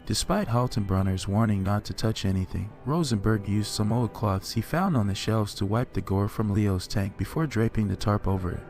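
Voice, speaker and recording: A man reads a horror story aloud in a measured, somber way. His voice sits low, and quiet music plays faintly beneath the narration.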